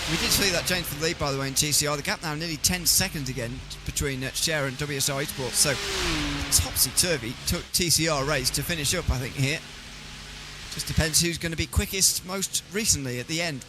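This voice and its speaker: A man's voice: on the high side, fairly quick, loud music behind the voice. A man giving live sim racing commentary, chatty and teasing his co-commentator.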